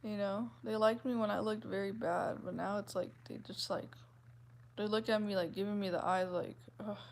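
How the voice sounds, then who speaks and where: Soft-voiced, giggly young woman with a gravelly edge. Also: medium pitch, steady tone, moderate pace, a little hiss or hum. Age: 20s. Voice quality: soft, gentle voice. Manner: chatty, giggly, fills speech with "like". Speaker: vlogger chatting with viewers. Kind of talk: casual livestream chat.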